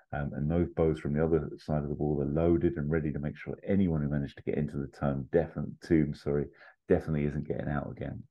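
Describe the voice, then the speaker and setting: A man hosting a podcast, casually pitching an adventure story with fillers, asides and chuckles. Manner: rambling, full of fillers and asides, chuckles at own jokes. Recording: slightly muffled lo-fi audio.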